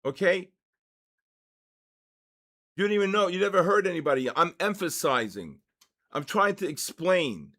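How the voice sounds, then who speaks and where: Male, 60s, veteran trading host; slightly raised pitch, forceful lecturing delivery with constant check-ins. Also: big pitch swings, moderate pace, long pauses. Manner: emphatic, lecturing, repeats points with "okay?" and "all right?". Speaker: trading educator hosting a live session. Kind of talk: live-streamed trading lecture.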